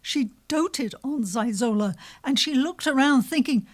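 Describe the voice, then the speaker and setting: A woman telling a folk tale aloud to an adult audience, slow and expressive. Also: high voice. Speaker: storyteller. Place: live storytelling venue.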